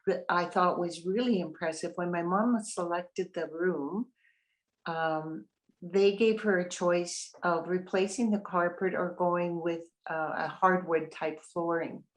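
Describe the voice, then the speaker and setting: A woman's voice: fairly low pitch, unhurried, poor audio. A middle-aged woman sharing a heartfelt account of her family's experience, talking through fillers and restarts in an interview. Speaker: family member of a resident. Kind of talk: interview testimonial.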